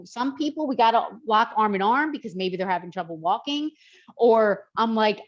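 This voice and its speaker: A woman's voice: fairly high pitch, expressive, normal speed, muffled recording. Emphatic woman trainer, heartfelt. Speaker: personal trainer. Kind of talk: podcast conversation.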